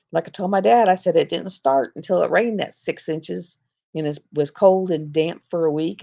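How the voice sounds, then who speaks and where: A woman's voice: on the low side, vocal fry, mellow. A woman hosting a casual livestream, rambling chattily and telling stories with frequent laughs. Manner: chatty, storytelling, laughs often. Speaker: livestream host. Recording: dull lo-fi stream audio.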